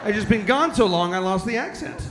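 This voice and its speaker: A man's voice: high voice, expressive, a little fast, a bit bright, some chatter behind, a little hiss or hum. A man from San Diego doing a stand-up comedy set, telling self-deprecating stories about his family and slipping into character voices. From San Diego, California. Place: large hall with audience. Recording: echoey live hall.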